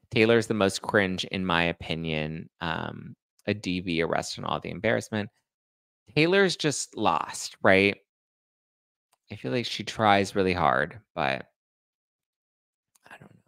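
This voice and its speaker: A man's voice: deep voice, gravelly, a bit bright, clean tone, no echo. A young man hosting a podcast livestream, chatting casually and reading out viewer comments, with a slight lisp. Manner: chatty, rambling, self-deprecating. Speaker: podcast host reading live chat.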